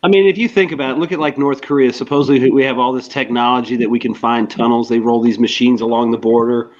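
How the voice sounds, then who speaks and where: A man's voice: medium pitch, steady tone, quick pace, lo-fi sound. A man talking loosely and sarcastically in a casual video call debate, swearing casually.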